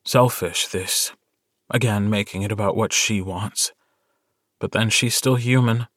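A man reads a short story aloud in a measured, intimate storytelling manner. His voice sits low and moves slowly. The recording is dry and close. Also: steady tone, fairly bright tone, dry recording. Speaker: audiobook narrator. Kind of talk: scripted narration.

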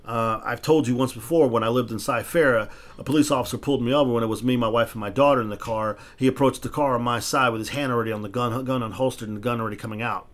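A man's voice: mid-range voice, steady tone, fast. A man hosting a casual podcast, telling stories in a heated, profane way and restarting his words when he gets worked up. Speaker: podcast host.

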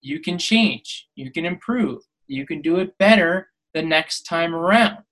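A man's voice: a little high, expressive, a little slow, fairly bright tone, poor audio. A man hosting a podcast, delivering a preachy motivational monologue that builds to emphatic, exhorting peaks. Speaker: podcast host.

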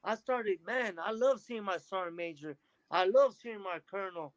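A man talking as a podcast guest, telling energetic stories and acting out what others said to him. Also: high-pitched, normal speed, no echo, lo-fi sound. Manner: energetic storytelling, quotes others in lively bursts. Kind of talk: casual interview chat.

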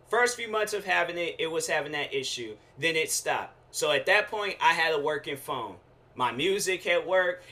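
A young man hosting a podcast, ranting casually in an animated, slangy storytelling way with frequent fillers. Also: a little high. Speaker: podcast host. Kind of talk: casual rant.

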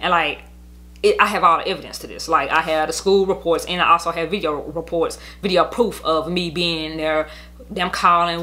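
A woman's voice: deep voice, fairly even intonation, normal speed, pushed and bright. A woman venting in a rambling, profane monologue about her own story. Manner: rambling, profane, heated, with many "like" fillers. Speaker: podcast host telling her own story.

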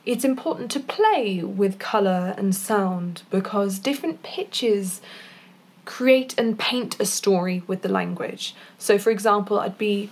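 A woman voice actor talks through performance advice in an easy, conversational manner. She is informal, with relaxed fillers. Her pitch sits at an ordinary middle level for a woman. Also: measured pace, breathy edge. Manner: chatty, with fillers and small laughs, demonstrating vocal exercises. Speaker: voice actor and poet giving tips. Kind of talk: casual instructional talk.

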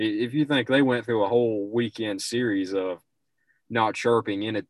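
A man's voice: on the low side, no room sound. A young man co-hosting a casual sports talk show, giving rambling, opinionated takes and restarting his sentences often.

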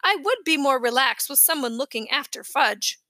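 A woman reading aloud, voicing a calm, reasonable mother in a storybook. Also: sits high, moderate pace, no echo. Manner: calm, reasonable, gently firm.

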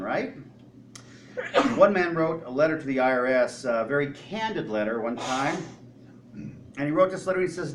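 A man's voice: on the high side, echoey room, distant mic, slight background noise, rough recording. A man preaching a sermon as a pastor. He asks the congregation questions and acts out quoted voices.

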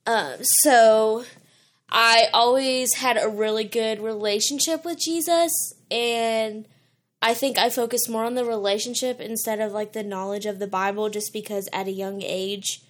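A young woman tells her personal story in relaxed conversation. Her voice sits a little high and she leans on "like" and "um" as she goes. She sounds earnest and open. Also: a little slow. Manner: earnest, lots of "like" and "um" fillers. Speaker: guest sharing her testimony. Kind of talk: casual chat.

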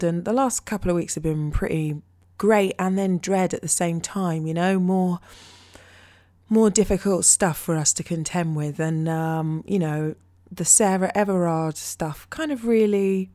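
Hesitant, reflective woman in a casual monologue, slow-spoken, dry close sound. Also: lowish voice, darkish tone, no echo. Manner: hesitant, reflective, frequent pauses.

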